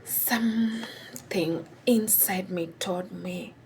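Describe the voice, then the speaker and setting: A woman whispering a personal story, halting and hesitant with many pauses and restarts. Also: medium pitch, slight background noise.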